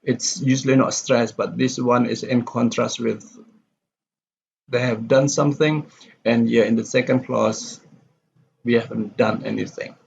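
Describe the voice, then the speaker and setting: In a pronunciation class, a male lecturer reads example sentences aloud and then explains which words carry stress. His medium-pitched voice is creaky, a little mellow and breathy at the edges, with fairly even intonation and a slightly slow pace. The recording sounds dull and lo-fi, with faint background noise.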